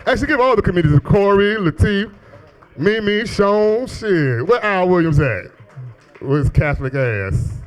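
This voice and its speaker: He speaks a little slowly, in a high and very animated voice. This comedian in his thirties gives a loose, profane performance at a small club on a handheld stage mic, teasing the audience and laughing at his own jokes.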